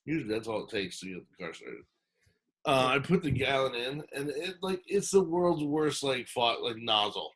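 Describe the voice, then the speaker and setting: A man's voice: mid-range voice, normal speed, slightly rough. A man on a podcast telling a long story in a casual, rambling way, acting out the lines he quotes and full of fillers and restarts. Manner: animated retelling, acts out quoted lines.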